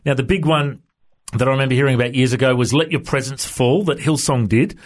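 A man's voice: mid-range voice, quick pace. A man hosting a radio show, chatty and jokey in a casual interview. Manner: chatty, jokey, says "mate" a lot. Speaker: radio host.

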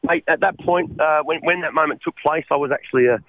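Gravelly Australian man on a phone line. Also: a little high. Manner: halting, repeats words, calls the host mate. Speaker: radio interview guest. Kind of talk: personal storytelling on radio.

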